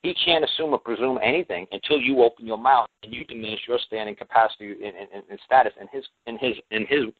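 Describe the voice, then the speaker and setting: A man with a husky, slightly breathy voice talks in a folksy, emphatic way, often slipping into the voices of the people he quotes. His voice comes through a thin, phone-like line. The sound is dry, with no room around it. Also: mid-range voice, fast talker, hardly any pauses, dry recording. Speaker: talk show guest. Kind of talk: radio talk show monologue.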